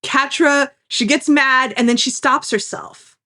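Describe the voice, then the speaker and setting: A woman's voice: high-pitched, measured pace, pushed and bright. A woman co-hosting a podcast, recapping an episode in casual chat and acting out the characters' lines with enthusiasm. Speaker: podcast co-host.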